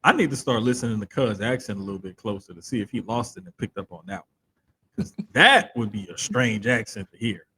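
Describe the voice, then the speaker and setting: A podcast co-host in casual sports chat, talking in an animated, slangy way. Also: male voice, lowish voice, brisk, slightly rough. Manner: animated, slangy, talks of having to control his accent on radio.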